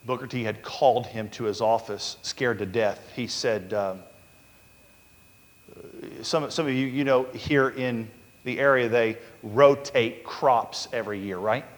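In a large hall, a pastor preaches unhurriedly in a medium-pitched voice. He tells stories through his sermon and acts out the people he quotes, raising his voice to do so.

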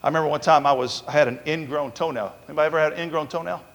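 American preacher guy, high voice, rambling stories then punchy builds, long room echo. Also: fairly even intonation, very fast. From United States. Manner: conversational storytelling preacher, many fillers, builds to emphatic peaks. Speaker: pastor. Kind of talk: sermon.

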